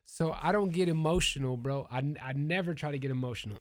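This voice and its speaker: Guy hosting a chill podcast, slightly high voice, animated storytelling, dry sound. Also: quick pace, no room sound. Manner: animated storytelling, laughs while talking. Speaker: podcast host. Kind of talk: casual podcast chat.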